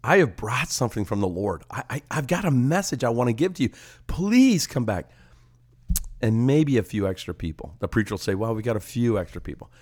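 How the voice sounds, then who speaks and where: An older man co-hosting a ministry podcast as an evangelist, talking casually, posing animated rhetorical questions with a slightly congested nose. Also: medium pitch, fairly quick, husky. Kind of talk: casual chat.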